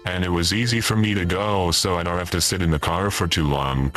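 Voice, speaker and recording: A man's voice: sits low, fairly quick, a bit bright, soft background music. A man putting on the voice of a forgetful retired old man who rambles, stops and repeats himself. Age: older. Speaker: streamer in character. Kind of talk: comedic in-character livestream chat.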